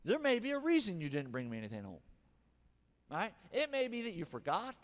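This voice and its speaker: A man preaching a sermon as pastor, animated, acting out harsh and gentle examples. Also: high voice, brisk. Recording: long hall reverb.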